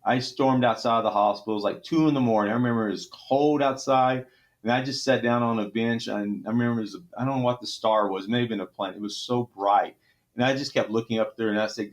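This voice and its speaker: A middle-aged man from Texas with a Texan accent, a trauma surgeon telling an emotional story in an interview, earnest and halting with restarts. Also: medium pitch, steady tone.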